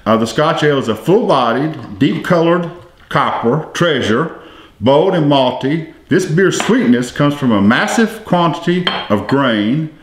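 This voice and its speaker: A man's voice: a little high, expressive, a little slow, slight background noise. A man hosting a casual beer-tasting podcast, chatty and easygoing, reading tasting notes. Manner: reads brewery notes aloud, easygoing and chatty. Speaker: podcast host. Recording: echoey room.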